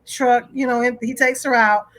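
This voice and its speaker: A woman co-hosting a podcast, retelling a story in casual chat, acting out the people in it and laughing loudly. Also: fairly high pitch, normal speed. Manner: animated retelling with acted voices and loud laughter. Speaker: podcast co-host.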